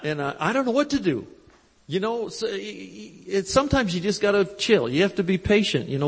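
A man preaching at a live convention, telling a story with quoted dialogue in a folksy, animated way, on a handheld mic. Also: high voice, moderate pace, gravelly, slightly rough. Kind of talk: storytelling sermon. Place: large church convention hall. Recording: live hall recording with long reverb.

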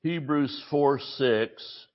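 Older man, folksy preacher, rambles with restarts, middle pitch, slightly dull recording. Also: drawn-out words. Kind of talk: sermon.

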